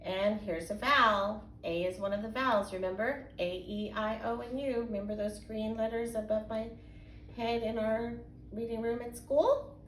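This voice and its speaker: A young woman teacher gives a phonics lesson from home to young children, patiently sounding out words slowly in a sing-song way. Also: on the high side. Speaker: kindergarten and first grade teacher. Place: home, indoors. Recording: echoey room with faint background hum.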